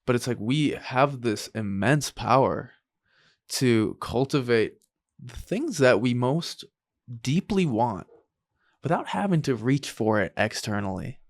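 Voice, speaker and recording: A man's voice: medium pitch, animated. Emotional podcast host, a man. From upstate New York. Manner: emotional, halting, laughing through tears. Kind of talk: casual chat.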